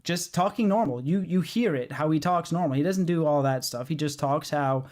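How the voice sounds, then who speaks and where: A man's voice: a little high, moderate pace, darkish tone. A man hosting a casual comics podcast, explaining his points firmly with many ums and uhs. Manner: assertive, explains at length with fillers. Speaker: podcast host. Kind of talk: casual chat.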